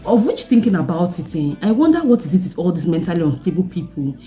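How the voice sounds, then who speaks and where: Mellow-voiced Nigerian woman telling a story. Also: lowish voice, fast, soft background music. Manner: animated storytelling with laughing asides. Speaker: vlogger. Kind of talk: storytime vlog.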